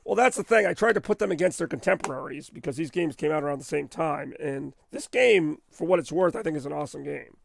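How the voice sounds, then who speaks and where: A hoarse man with a sore throat, hosting a retro gaming stream in rambling, chatty commentary. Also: a little high, fast, few pauses, slight background noise. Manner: rambling, chatty, self-deprecating. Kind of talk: casual live-stream commentary. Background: faint game music.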